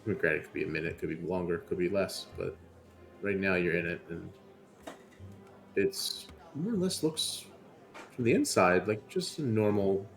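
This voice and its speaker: A man's voice: sits low, expressive, normal speed, vocal fry, pauses often, soft background music. A man narrating a tabletop game as game master in a loose, conversational way.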